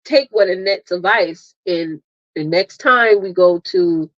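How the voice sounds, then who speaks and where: A woman hosting a casual livestream, lively and chatty, laughing often and calling listeners honey and girl. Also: on the low side, slow, no room sound. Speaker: livestream host and marketing coach. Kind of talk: casual live chat. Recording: dull lo-fi, dry sound.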